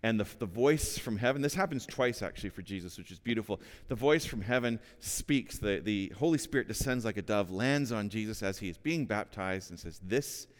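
Man preaching, forties, lowish voice, earnest and chatty, reverberant hall. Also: animated, brisk, hardly any pauses. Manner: earnest, conversational, repeats words when starting phrases. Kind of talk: sermon.

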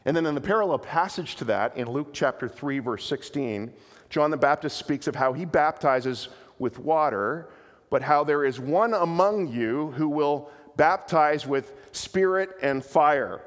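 A male pastor delivers a sermon in an earnest, animated way, repeating words as he restarts his phrases. His voice sits fairly high. Long reverb from the hall trails each phrase. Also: a little slow.

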